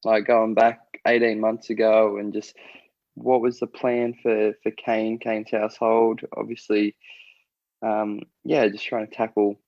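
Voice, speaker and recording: A man co-hosting a casual podcast chat in an easygoing, chatty way with many pauses and little laughs. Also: on the low side, completely flat delivery, dry recording, dull audio. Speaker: podcast co-host.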